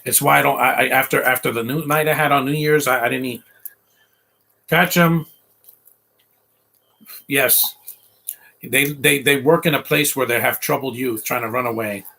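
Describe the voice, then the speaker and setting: A man's voice: mid-range voice, fairly even intonation, normal speed, vocal fry, pauses often, sharp tone. A man hosting a casual live movie commentary, opinionated, rambling and defensive.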